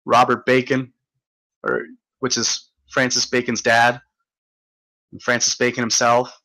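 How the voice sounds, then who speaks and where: A man's voice: mid-range voice, flat delivery, a little slow, bright, forceful tone, poor audio. A man hosting a casual livestream, rambling and joking, swearing often and laughing as he reads out chat comments.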